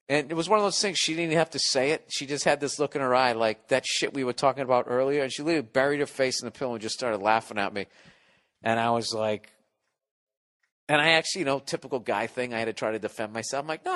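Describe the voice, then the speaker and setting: A man's voice: medium pitch, a bit bright, in a large hall. A man in his forties hosting a podcast, rambling through a profane, self-mocking comic monologue at a studio mic, mimicking people in exaggerated voices. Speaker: podcast host. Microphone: studio podcast mic with windscreen.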